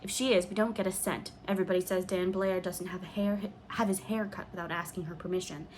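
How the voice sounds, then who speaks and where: A woman's voice: fairly low pitch, fairly even intonation, fast talker, slight background noise, close to an everyday voice, poor audio. A woman reading an audiobook, voicing a teenage girl who gossips dryly. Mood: wry.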